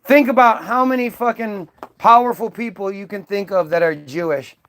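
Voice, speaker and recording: A man's voice: high voice, normal speed, a bit bright. A man delivering a combative, profane, rambling monologue to his stream audience, often restarting his sentences. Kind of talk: ranting monologue.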